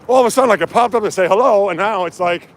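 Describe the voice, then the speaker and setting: A man's voice: sits high, rapid-fire. A man livestreaming outdoors on city streets from his phone, chatting casually and reading viewer comments aloud as he runs. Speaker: livestream host. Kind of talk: casual livestream chat while running. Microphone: handheld phone.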